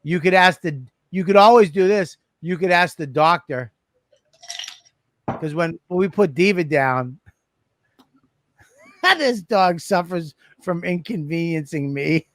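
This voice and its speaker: A man's voice: on the high side, measured pace, pauses often, a bit bright, dry recording. Blunt, profane man, dry close mic. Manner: blunt, profane, laughs in disbelief. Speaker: podcast host. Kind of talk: casual chat.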